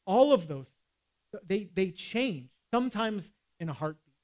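A man's voice: high voice, big pitch swings, a little slow, a little mellow. A man preaching a sermon in a conversational way, with casual asides and quoted scripture. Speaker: pastor.

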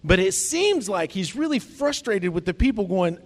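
Male pastor, conversational sermon, animated delivery, reverberant hall. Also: sits high, moderate pace, few pauses. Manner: conversational, acts out quoted lines with feeling.

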